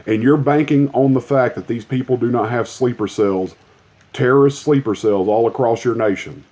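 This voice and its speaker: A man in an angry, swear-laden rant, his tone dark and mellow at an average pitch. He hammers his points home with emphatic repetition. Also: moderate pace. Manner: profane, heated, emphatic. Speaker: commentator.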